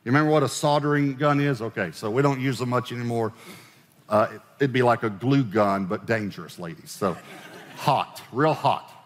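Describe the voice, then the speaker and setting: A man's voice: mid-range voice, moderate pace. Man preaching in a reverberant hall. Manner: conversational preaching with direct questions to the congregation. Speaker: pastor. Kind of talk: sermon.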